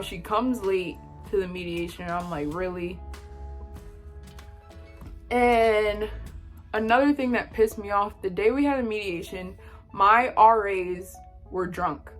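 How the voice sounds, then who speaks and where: A young woman vlogging a casual storytime, exasperated and full of slang. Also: medium pitch.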